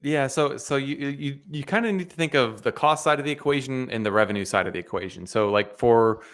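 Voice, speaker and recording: A man's voice: medium pitch, a little fast, a bit bright. A man co-hosting an investing live stream in casual chat, talking in a hesitant way with many restarts and fillers.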